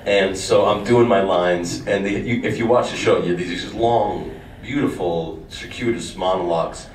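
A man telling lively stories with lots of laughter as a guest on a convention panel. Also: low voice, normal speed. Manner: animated, laughing storyteller. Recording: echoey, distant hall mic with noise.

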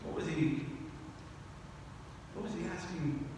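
A man preaching a sermon as pastor, talking in a conversational way that swells into animated emphasis on key phrases. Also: on the high side, slow. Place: church sanctuary. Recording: echoey church hall from far off, faint noise.

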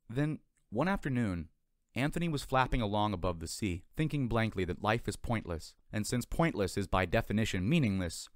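A man narrating an audiobook in a measured, expressive reading, recorded by himself. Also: lowish voice, dry recording, studio quality. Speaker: audiobook reader. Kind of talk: scripted narration. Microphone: home recording.

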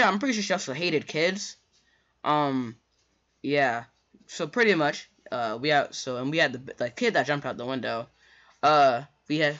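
A storyteller vlogger with a mid-range, slightly bright voice recounts a school story in a dull lo-fi recording. His casual storytime monologue rambles, full of fillers, restarts, and slangy asides.

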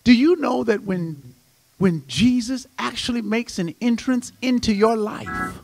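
A man pastor preaching an impassioned, emphatic sermon in a church, his voice swelling to shouts. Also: very high voice. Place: church sanctuary.

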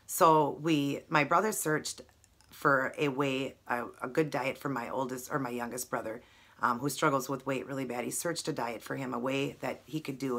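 A woman in her thirties speaks straight to her camera at home, earnest and close to tears, with plenty of ums. Her voice sits very low and sounds husky. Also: fairly bright tone. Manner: emotional, earnest, many fillers. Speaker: vlogger. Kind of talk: personal talk to camera.

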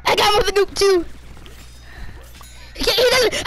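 Very high-pitched, excitable female gamer. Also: measured pace. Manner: excitable, yelling and laughing at teammates. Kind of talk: live gameplay commentary.

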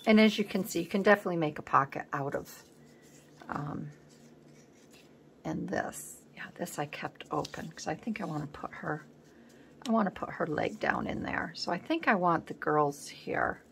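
A woman with a low, gravelly voice chats as she works on a collage at her home craft table, faint background noise. She rambles and thinks aloud about where each piece should go, often slipping into a soft murmur. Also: animated, normal speed. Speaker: collage artist host. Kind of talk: casual crafting chat.

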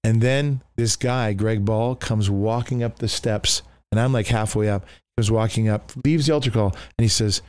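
A man's voice: fairly low pitch, moderate pace, hardly any pauses, smooth, no room sound. Pastor telling his story with animation. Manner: animated, acts out the voices of people in his story. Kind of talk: storytelling in a conversation.

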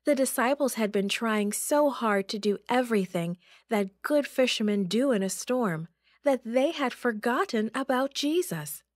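Woman reading a bible story to the church over a video call, slow and expressive, dry sound. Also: a little high, no echo. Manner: expressive storybook reading, rising for dramatic moments.

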